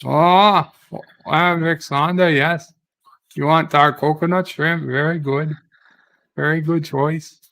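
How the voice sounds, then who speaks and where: Man playing a brash Aussie waiter, salesy and gravelly, a bit raised. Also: on the high side, steady tone, takes it slowly, sharp tone, voice pushed up, heavily acted, rough recording. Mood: cheeky. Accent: put-on Australian. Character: cheeky Australian man, restaurant waiter.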